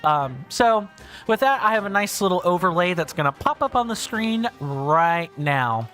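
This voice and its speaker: A man's voice: sits high, animated, moderate pace, a bit bright, soft background music. A man from the American South with a Southern drawl, chatting and rambling in a self-deprecating way while commentating a game on a livestream. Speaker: game streamer.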